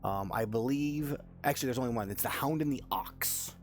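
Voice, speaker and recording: A man's voice: medium pitch, moderate pace. A man narrating as dungeon master in a tabletop game, hesitant, with many ums and restarts. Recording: faint music behind.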